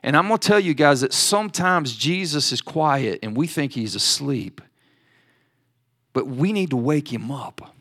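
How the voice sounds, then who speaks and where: A man's voice: medium pitch, lively intonation, unhurried, fairly bright tone. A man preaching a sermon, building to emphatic declarations and acting out pleas in prayer. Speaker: pastor.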